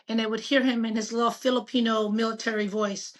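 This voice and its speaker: A woman in her fifties, a doctor chatting as a guest in an interview, telling stories in an animated, emphatic way. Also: a little high, normal speed. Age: 50s. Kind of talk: casual interview chat.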